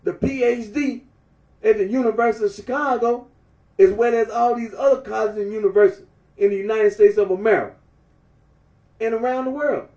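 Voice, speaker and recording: A man's voice: sits high, steady tone, a little fast, pauses often, a little mellow. Male vlogger, emphatic rant with lots of repetition, recorded far off in a roomy, echoing space. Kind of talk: ranting monologue. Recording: echoey room, far from mic.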